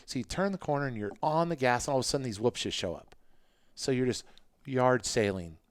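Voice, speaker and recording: A man in his fifties, a podcast guest, telling racing stories in a casual, animated way and acting out what people said. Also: fairly quick, clean tone, dry recording, studio quality. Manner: animated, acts out quotes in a higher voice. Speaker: podcast guest, former motocross racer. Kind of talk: casual interview storytelling.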